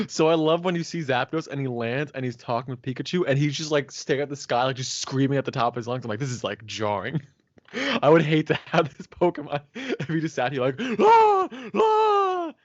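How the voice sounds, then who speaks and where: A man's voice: medium pitch, brisk, no room sound, highs cut off. A man co-hosting a podcast in casual chat, who laughs often and acts out quotes as he talks. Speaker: podcast co-host.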